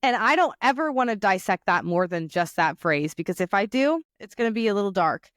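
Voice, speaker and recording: A young woman tells a raunchy story on her podcast with lively comic timing, a little tipsy from wine. Her voice sits at a middle pitch, recorded dry and close with no room sound. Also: a little fast, no echo. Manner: crude, animated, comic storytelling. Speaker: podcast host. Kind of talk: casual storytelling chat.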